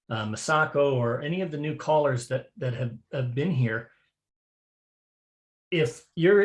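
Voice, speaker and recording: A man's voice: mid-range voice, reverberant. A man instructing a square dance calling class, talking conversationally and repeating words as he explains. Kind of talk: online class teaching.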